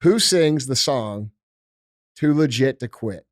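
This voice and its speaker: A man's voice: mid-range voice, animated, slow, no echo, clean studio sound. A man hosting a casual podcast, talking bluntly and emphatically and swearing freely. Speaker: podcast host. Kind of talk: casual studio podcast chat.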